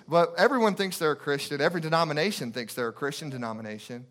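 A man's voice: on the high side, fast talker, few pauses, a bit bright. A man preaching a sermon as a guest preacher in a church, impassioned and repetitive, firing off rhetorical questions.

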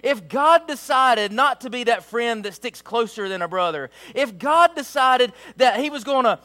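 A man's voice: very high-pitched, lively intonation, normal speed, bright, forceful tone. A man preaching a sermon with emphatic, repeated rhetorical phrases.

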